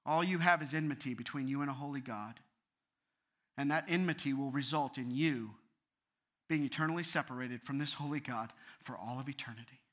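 A man's voice: medium pitch, fairly quick, fairly bright tone. A man preaching an earnest sermon as a pastor, building to fervent appeals.

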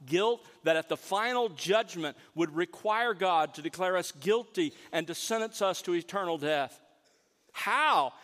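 A man preaching a sermon, slowing down to stress key words. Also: sits high, a bit bright, long reverb tail. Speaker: pastor.

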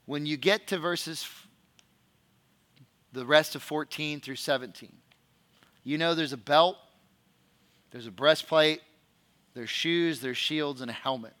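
A man's voice: a little high, unhurried, long pauses, fairly bright tone. A man as pastor preaching a sermon, reading scripture aloud and putting questions to the congregation.

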